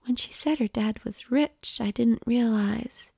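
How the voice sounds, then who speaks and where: A laid-back young man, thrown off balance and sputtering, in whispered role-play, as a woman narrator puts him on. The hush is slow, mellow and gravelly. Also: fairly high pitch, dry recording, clean studio sound, heavily acted. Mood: bewildered. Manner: flustered, sputtering.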